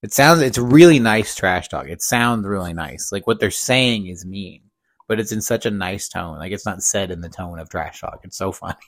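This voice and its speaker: A man's voice: deep voice, animated, moderate pace, no room sound. A man co-hosting a podcast in loose, joking casual chat, swearing freely and laughing often. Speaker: podcast co-host.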